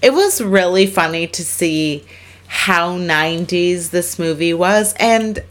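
A woman in her twenties co-hosting a podcast, chatting casually with quick asides and laughs. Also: fairly low pitch. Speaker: podcast co-host. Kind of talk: casual chat.

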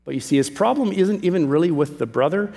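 A male pastor preaching a sermon, emphatic, swinging from loud calls to hushed pleas. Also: on the high side, animated, fast, gravelly, breathy edge. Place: church sanctuary. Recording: long reverb of a large hall.

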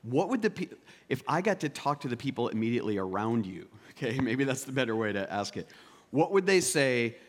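Animated male pastor preaching. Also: lowish voice. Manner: animated, swings between loud emphatic peaks and quiet intimate asides. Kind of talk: sermon.

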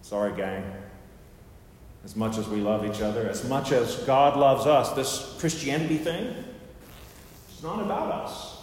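A man's voice: medium pitch, a little slow, pauses often, a little mellow. A man preaching a sermon as pastor, in a folksy, joking, conversational manner. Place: church sanctuary. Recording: very echoey hall with long reverb.

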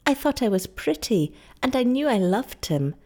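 A woman's voice: fairly high pitch, big pitch swings, moderate pace, mellow, voice pushed up. A woman reading the part of a loving, devoted young island wife in an earnest, pleading voice.

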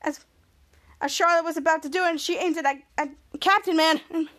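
A woman with a very high voice hosts a podcast and recaps an episode in a loose, rambling way. She restarts her sentences often and trips over words as she goes. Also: steady tone, a little fast, fairly bright tone. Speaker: podcast host.

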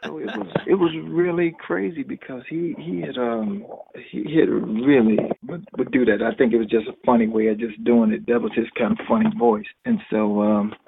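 A man's voice: mid-range voice, moderate pace, vocal fry. A man telling a rambling, casual story and chuckling as he goes. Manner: rambling, laughs while telling. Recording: tinny phone-like sound, noisy.

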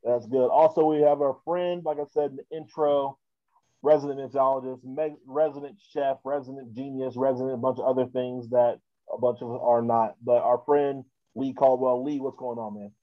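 A man hosts a casual podcast in a loose, rambling way, full of fillers and restarts. His voice sits at a middle pitch. The recording is dry and a little dull. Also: steady tone, moderate pace, no room sound. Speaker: podcast host.

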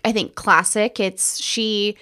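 A woman co-hosting a podcast, retelling a film scene in a casual, animated way and swearing freely. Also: medium pitch, slow pace. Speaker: podcast co-host. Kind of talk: casual chat.

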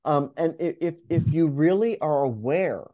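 A man who coaches and speaks in public, telling a story as an interview guest, animated and acting out his inner voice, with many restarts. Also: a little high, a little slow, lo-fi sound. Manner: animated, acts out inner dialogue.

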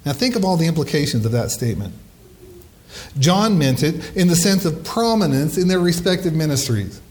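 A middle-aged man, a pastor, preaching a sermon and slowing down to stress key phrases. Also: on the high side.

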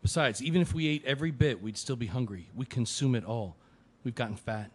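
An actor playing an ill man who talks quietly and wryly about his guilt. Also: mid-range voice, fairly quick, husky, lightly acted. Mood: subdued. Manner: quiet, subdued, self-deprecating. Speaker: Ben, the sick man. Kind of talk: audio drama acting, inner monologue.

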